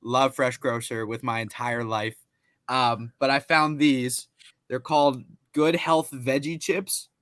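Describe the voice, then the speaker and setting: A young man talks with real enthusiasm and lands his points with emphasis. His voice is bright and forceful. It is recorded close and dry. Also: medium pitch, steady tone, slow pace, no echo. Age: young adult. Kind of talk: casual chat.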